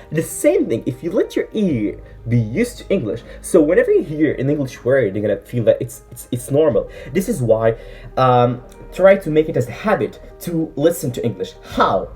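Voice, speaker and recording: Very low-voiced woman giving earnest advice. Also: mellow. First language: Arabic. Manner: earnest, encouraging, many fillers and self-corrections. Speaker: English-learning vlogger. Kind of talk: casual advice vlog.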